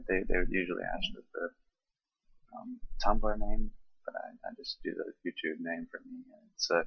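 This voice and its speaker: A tired young man from Charleston with a Southern accent, reading a word list slowly and hesitantly with many ums. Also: sits low, creaky, breathy edge, dry recording, highs cut off. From Charleston, South Carolina. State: tired, late at night. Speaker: vlogger.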